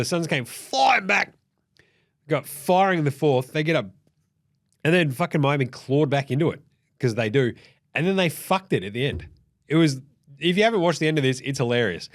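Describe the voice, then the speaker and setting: A young Australian man hosting a casual sports recap, sweary, excitable and jokey. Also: a little high, no room sound, clean studio sound. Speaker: host.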